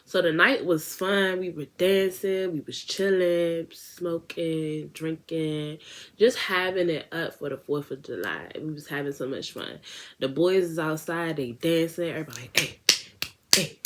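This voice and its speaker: A young woman tells a storytime to her viewers in a lively, slangy way. Her speaking voice sits a little low, and she keeps jumping into quoted voices of her friends. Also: a little slow. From Washington, D.C. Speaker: beauty vlogger. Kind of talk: casual storytime.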